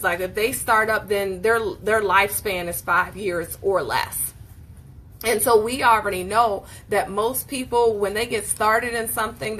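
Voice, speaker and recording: A woman talks through a motivational book in a casual, emphatic way that leans toward preaching. Her voice is bright and forward, and her pitch sits in a middle range for a woman. A faint hiss of noise sits under the voice. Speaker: host leading a book discussion.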